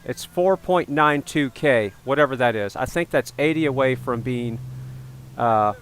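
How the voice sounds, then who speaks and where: A man's voice: mid-range voice, measured pace, a bit bright, clean tone. A man hosting a casual livestream, chatting with viewers and joking at his own expense about his ego. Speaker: livestream host.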